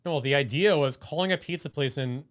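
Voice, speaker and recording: A man co-hosting a live stream, chatting in a laid-back way and thinking out loud. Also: on the high side, fast. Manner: laid-back, laughs often, thinks aloud. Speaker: stream co-host. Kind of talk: casual live-stream chat.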